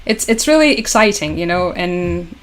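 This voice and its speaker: A woman's voice: fairly low pitch, lively intonation, moderate pace, slight background noise. A woman hosting a casual livestream from home, chatty and sarcastic, laughing often. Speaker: livestream host. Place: at home with her dog.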